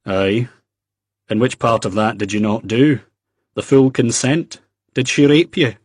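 A man's voice: mid-range voice, a little slow, breathy edge, dry recording, clean studio sound. A man voicing a brash young Scottish man who talks bluntly and teasingly, with a Scottish accent.

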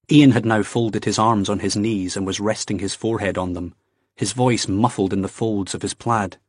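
A man narrating an audiobook in a measured, wry storytelling manner. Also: lowish voice, fairly even intonation, slightly rough, dry recording, studio quality. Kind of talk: scripted narration.

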